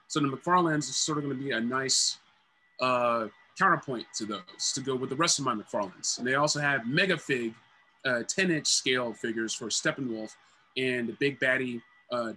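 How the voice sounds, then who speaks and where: A man co-hosting a casual toy podcast who explains things in a measured, informative way, often pausing on "uh" and "um". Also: mid-range voice, pushed and bright, slight background noise, poor audio. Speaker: podcast co-host. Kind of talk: casual chat.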